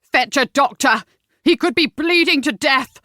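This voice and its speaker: A woman doing an urgent young gentleman. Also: mid-range voice, normal speed, dry recording, studio quality, close to an everyday voice. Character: young gentleman, anxious and commanding.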